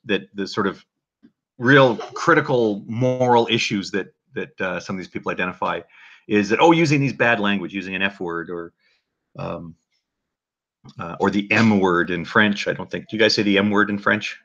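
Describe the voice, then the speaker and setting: A man giving casual spoken commentary to his audience in a halting, dry and joking way, with many restarts and fillers. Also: fairly low pitch, sharp tone, lo-fi sound. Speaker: video commentator.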